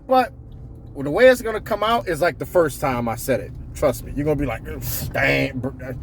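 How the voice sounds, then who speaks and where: A man's voice: a little high, very animated, a little fast, a little hiss or hum. A man vlogging in a casual, profane monologue with a blunt, joking manner. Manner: joking, blunt, swears a lot, slips into impressions. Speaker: vlogger giving workplace advice.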